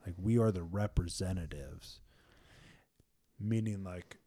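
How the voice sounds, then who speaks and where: A young man with a somewhat low voice talks through faith ideas in a relaxed, conversational way. He is earnest and emphatic, circling back and repeating words as he builds toward his point. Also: measured pace, breathy edge.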